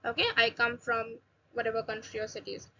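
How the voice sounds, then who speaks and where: A woman from India teaching basic phrases in a casual online lesson, repeating each phrase slowly and adding chatty asides. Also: fairly high pitch, monotone, sharp tone, dull audio. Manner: slow careful phrase repetition with chatty asides. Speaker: language teacher.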